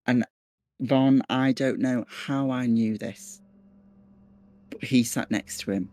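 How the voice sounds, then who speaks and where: A man with a Liverpool accent, a podcast guest telling a story in a casual, animated way, repeating words and swearing now and then. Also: mid-range voice, takes it slowly. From Liverpool, England.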